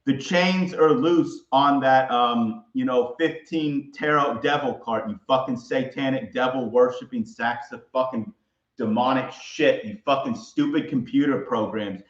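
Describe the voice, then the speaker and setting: A man delivering an angry, profane solo rant, shouting hostile accusations. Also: mid-range voice, a little slow. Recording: roomy, dull lo-fi audio.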